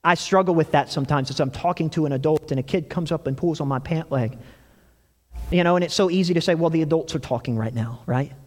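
A man preaching a sermon, telling stories with animated delivery and acting out quoted lines. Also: a little high, fast, long reverb tail. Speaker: pastor.

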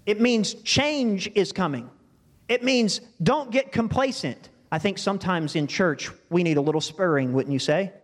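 A man's voice: high-pitched, expressive, unhurried, in a large hall. A male pastor preaching a sermon in a conversational style, with asides to the congregation.

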